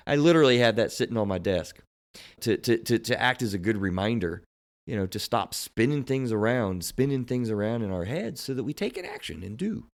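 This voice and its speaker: A man's voice: medium pitch, very animated, creaky. A man who is a therapist, hosting a casual podcast conversation and talking with frequent repeats and restarts. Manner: halting, repeats words and restarts often.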